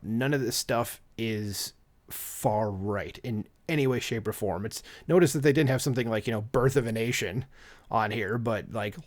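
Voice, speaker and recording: A mid-pitched man talking straight into a desk microphone at home. He rambles through his commentary with plenty of fillers, and sarcasm and exasperation color his talk. It sounds like a casual one-man opinion video. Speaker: channel host.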